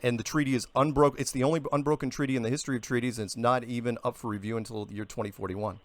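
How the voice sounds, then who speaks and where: A man arguing his case in a heated radio debate, insistent and quick to interrupt, breaking into emphatic outbursts. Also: medium pitch, steady tone. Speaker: flat earth guest.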